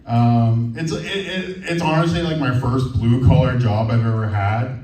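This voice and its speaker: A man's voice: medium pitch, unhurried, darkish tone. A man in his thirties doing a stand-up comedy set, rambling and hesitant with lots of fillers. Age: 30s. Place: comedy venue with live audience. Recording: roomy, from far off.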